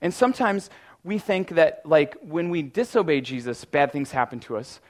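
Here the preacher's voice sits on the high side, animated and at a normal speed. His sermon is casual and chatty, full of "like" and restarted sentences, with loud mock-panic outbursts now and then.

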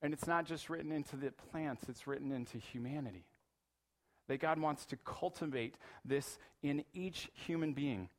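A middle-aged man giving a sermon with a slightly raised voice. His delivery is animated and playful, and he slips into acted-out voices for his asides. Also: on the high side, moderate pace. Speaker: pastor.

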